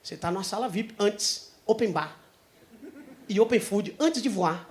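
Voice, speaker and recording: A man with a Brazilian Portuguese accent doing stand-up, telling a loud, profane story. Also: high-pitched, moderate pace. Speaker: stand-up comedian.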